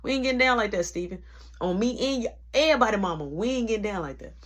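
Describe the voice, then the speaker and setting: A woman in a casual storytime vlog, talking in an animated, slangy way. She keeps breaking into the voices of the people in her story as she goes. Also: mid-range voice, fast.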